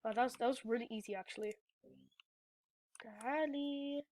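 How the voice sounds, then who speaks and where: A woman giving live gameplay commentary, excitable, yelling and groaning at the game as she plays. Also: on the high side, moderate pace, a little hiss or hum. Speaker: gamer.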